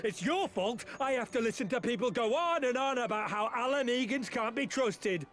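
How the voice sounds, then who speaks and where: An actor playing an arrogant, bullying imperial soldier in a video game, with a barking, contemptuous delivery. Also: male voice, very high voice, lively intonation, normal speed, fairly bright tone. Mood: bitter.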